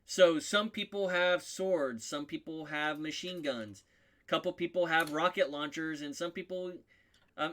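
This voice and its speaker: A man's voice: on the high side, pushed and bright. A man narrating a tabletop role-playing game as game master, rambling with many ums and correcting himself.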